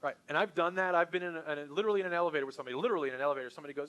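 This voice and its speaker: Energetic middle-aged male sales trainer. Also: on the high side, racing. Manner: enthusiastic, conversational, punchy. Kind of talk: sales training talk to a group.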